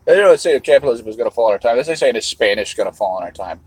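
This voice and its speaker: A husky-voiced man rambles loosely to his live chat between bites, cursing offhandedly. His voice sits at an ordinary middle pitch, with a breathy, slightly rough edge. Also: lively intonation, racing, dry recording, poor audio. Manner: rambling, swears casually, talks to chat while eating. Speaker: livestream host.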